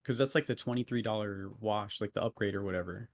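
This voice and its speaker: A man's voice: fairly low pitch, quick pace. A man co-hosting a podcast, chatting casually in a laid-back way and swearing now and then. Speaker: podcast co-host. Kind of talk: casual chat.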